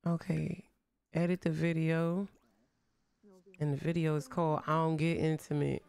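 Woman, young, casual game commentary, slangy and animated, smooth clear voice. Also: low-pitched, moderate pace. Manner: animated, slangy, talks to her characters. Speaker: streamer.

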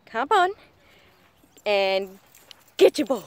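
A woman's voice: fairly high pitch, lively intonation, takes it slowly, long pauses. A woman chatting to her dogs in a playful, cooing baby-talk voice in a casual vlog. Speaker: dog owner vlogger.

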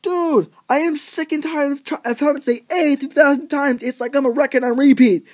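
A man's voice: very high-pitched, fairly even intonation, brisk, a little mellow. A teenage boy ranting casually on his vlog, profane and rambling, full of filler words. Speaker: vlogger.

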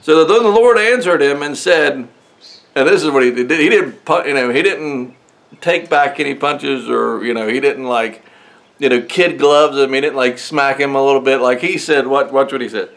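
A man's voice: mid-range voice, moderate pace, gravelly, fairly bright tone. Casual, chuckling male preacher. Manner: conversational, chuckles often, many fillers and restarts. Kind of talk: casual sermon with Bible reading. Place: church sanctuary.

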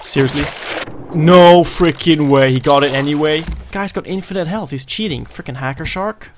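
Excitable man yelling at his game. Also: fairly high pitch, brisk, a little hiss or hum. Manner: excitable, jokey, yells at the game. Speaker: gaming video host. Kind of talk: let's play commentary.

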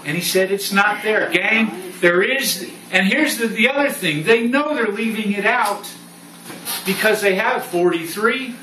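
A man leading a Bible study group, reading scripture aloud and telling stories in an animated way. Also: high voice, a little slow, crowd noise. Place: room with a small study group. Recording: roomy sound from a distant mic with faint noise.

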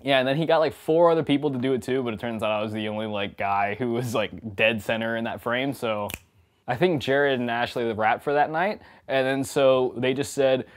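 A man's voice: mid-range voice, fairly quick. Chatty young man telling a story. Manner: upbeat, chatty, laughs often, many fillers. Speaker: vlogger and indie filmmaker. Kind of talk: casual storytelling to camera.

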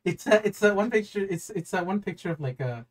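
A woman's voice: medium pitch, animated, brisk. A woman running a tabletop game, narrating in a rambling, stop-start way and swearing casually. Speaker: game master.

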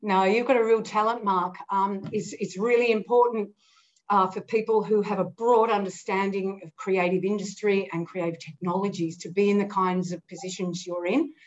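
A woman's voice: mid-range voice, steady tone, normal speed. A woman moderating a panel discussion, encouraging and complimentary toward the guests. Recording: dull lo-fi audio.

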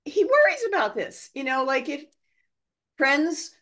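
Animated woman speaker on a video call. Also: high voice, measured pace. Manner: animated, explanatory. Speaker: guest speaker.

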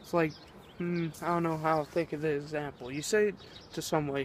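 A man's voice: fairly high pitch, moderate pace, a little hiss or hum. A teenage boy vlogging, rambling and exasperated as he rants, swearing often. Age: teens. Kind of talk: ranting vlog.

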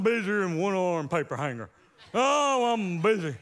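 A middle-aged man with a drawl delivers a playful sermon from a church stage. His voice sits high and comes through clean and smooth. He banters with the congregation and keeps calling for amens. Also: normal speed. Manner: animated, joking, call-and-response with congregation. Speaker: pastor. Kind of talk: humorous sermon. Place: church sanctuary.

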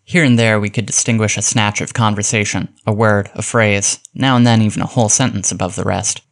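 A man reading a detective story aloud as narrator, in a measured, even way. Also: lowish voice. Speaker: audiobook narrator.

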